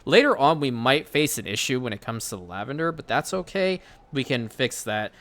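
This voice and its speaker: A man's voice: mid-range voice, big pitch swings, normal speed, fairly bright tone. A man hosting casual gameplay commentary, chatting and thinking aloud as he plays, often correcting himself mid-sentence. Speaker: gaming channel host.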